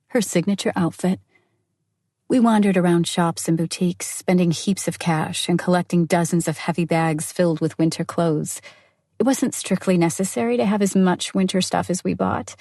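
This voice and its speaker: Mellow, breathy woman narrating an audiobook. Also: fairly low pitch, no room sound, clean studio sound. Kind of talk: first-person audiobook narration.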